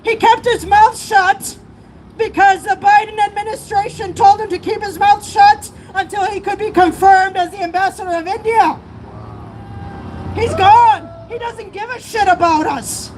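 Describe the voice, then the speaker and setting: High-voiced woman giving a fervent rally speech. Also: fairly even intonation, normal speed, rough recording. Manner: fervent and emotional, voice breaking at times. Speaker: speaker at a protest rally. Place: outdoors on a city street. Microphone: streamer's camera mic among the crowd. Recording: live street stream with crowd and traffic noise. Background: crowd and passing traffic.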